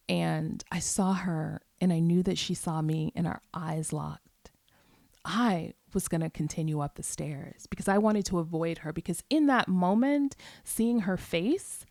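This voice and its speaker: A woman hosting a podcast, telling a personal story in a candid, reflective way, sometimes dropping to a soft whisper and speaking casually with the odd curse. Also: lowish voice, no echo, clean studio sound. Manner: casual, occasionally profane. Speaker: podcast host.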